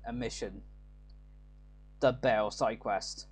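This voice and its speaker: A man's voice: mid-range voice, steady tone, slow, soft background music. Let's play host, man, loose rambling commentary, fixes his words as he goes. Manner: rambling, self-correcting. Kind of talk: casual gameplay commentary.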